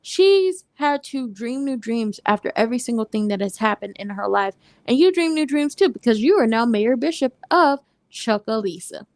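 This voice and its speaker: A woman hosts a casual TV recap, talking in a sassy, animated way and acting out the characters' lines as she goes. Her voice sits fairly high. The sound is dry, close and without room echo. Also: moderate pace, hardly any pauses. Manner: animated, sassy, retells scenes with quoted voices. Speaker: recap host.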